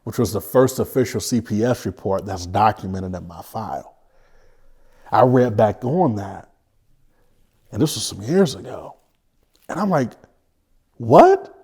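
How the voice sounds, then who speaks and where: Male interview guest, low voice, sincere first-person storytelling with frequent restarts. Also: expressive, darkish tone, breathy edge. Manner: earnest, halting, with frequent restarts; vivid retelling.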